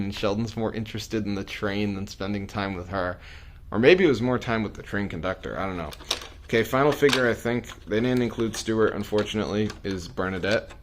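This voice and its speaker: A man's voice: on the low side, fairly bright tone. Rambling man reviewing toys casually. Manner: rambling, hesitant, many fillers and self-corrections. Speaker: toy reviewer.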